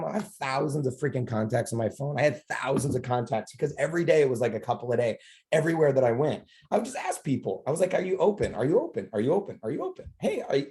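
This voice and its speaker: A man in his thirties giving a live motivational training talk, telling stories with lively acted-out dialogue and phrases repeated for emphasis. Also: medium pitch. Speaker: network marketing trainer.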